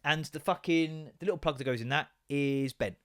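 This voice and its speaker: Man, podcast host, sweary exasperated rant, slightly high voice. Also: moderate pace, clean tone. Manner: exasperated, sweary storytelling with acted-out quotes. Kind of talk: casual ranting monologue.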